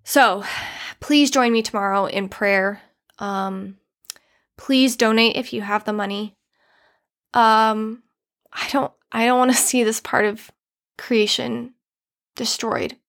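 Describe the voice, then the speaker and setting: Woman podcast host, earnest and emotional, fairly high voice, solo commentary. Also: steady tone, slow pace, pauses often, a bit bright. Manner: earnest, emotional, talks to listeners directly.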